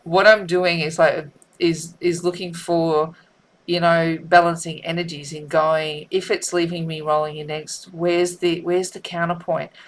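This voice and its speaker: A woman's voice: lowish voice, level tone. Tearful woman tarot reader. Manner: tearful, heartfelt, halting with repeats. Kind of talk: emotional spiritual vlog.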